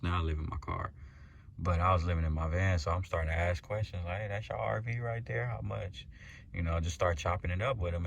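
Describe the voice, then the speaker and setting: A man with a low, deep voice holds forth in a casual podcast monologue aimed at the guys. His talk is loose and full of slang and swearing, and he chuckles between points. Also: slight background noise. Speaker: podcast host.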